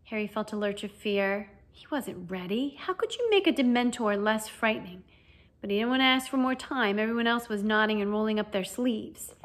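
A woman narrating a children's fantasy novel as an audiobook reader, with a lively, expressive reading. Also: mid-range voice, normal speed. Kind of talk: storybook narration.

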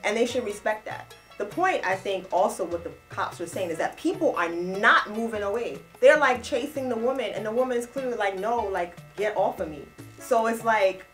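Woman, from Trinidad, co-host, casual chat, lively voice with wide swings in pitch. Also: moderate pace, soft background music. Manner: chatty, animated storytelling.

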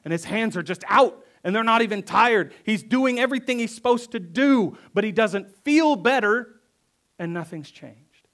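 A pastor preaching a conversational sermon, reading verses aloud and then acting them out with emphatic repetition. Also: male voice, high-pitched, expressive, moderate pace, fairly bright tone. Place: church.

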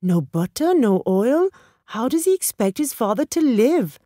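Woman doing old man friend, indignant, incredulous, mellow tone, dry sound. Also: medium pitch, animated, takes it slowly, no echo, voice pushed up. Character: old male friend, shocked and sympathetic.

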